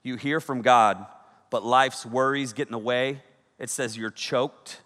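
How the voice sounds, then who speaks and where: Animated preacher in a reverberant hall. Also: male voice, mid-range voice, measured pace. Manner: animated storytelling, swings from loud to hushed. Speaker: pastor. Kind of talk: sermon.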